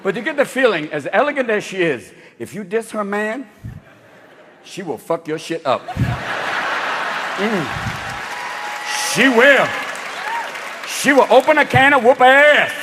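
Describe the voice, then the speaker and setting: A male stand-up comedian performing a manic, rapid-fire, profane set that keeps jumping into voices, on stage in a large theater. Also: high voice, big pitch swings, a crowd in the background, noisy background. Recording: echoey hall with loud audience.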